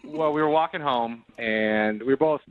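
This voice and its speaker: A man's voice: medium pitch, moderate pace, clean tone. Casting note: man in his late 20s, radio caller, sheepish and rambling, tinny phone line. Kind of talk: phone call to a radio show.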